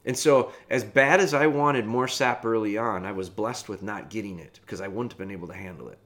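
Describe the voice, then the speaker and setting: A man's voice: lowish voice, fairly quick, a bit bright. A man hosting a podcast, telling a rambling personal story in a casual way, often correcting himself and chuckling at his own mistakes.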